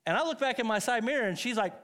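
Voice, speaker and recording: A man's voice: very high-pitched, expressive, rapid-fire, a bit bright. A middle-aged man preaching a sermon as pastor, telling stories with self-mocking humor and frequent laughs.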